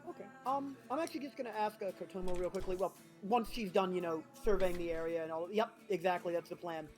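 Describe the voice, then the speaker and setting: A tabletop player talks quickly and loosely, full of ums and quick asides. A faint musical bed sits underneath. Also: mid-range voice, darkish tone, soft background music. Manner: rapid, rambling, many fillers. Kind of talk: casual tabletop game chat.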